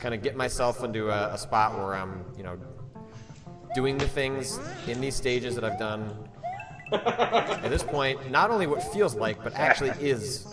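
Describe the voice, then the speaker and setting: A man's voice: medium pitch, lively intonation, measured pace, over loud music. A man streaming a game, talking casually and nervously to his chat with many fillers and restarts. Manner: hesitant, rambling, nervous.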